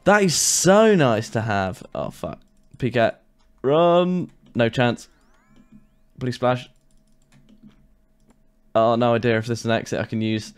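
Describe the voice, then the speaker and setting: Exasperated gamer, smooth voice. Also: male voice, mid-range voice, slow pace, pauses often. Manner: frustrated, swearing, exasperated rants. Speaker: gaming YouTuber. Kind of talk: casual gameplay commentary.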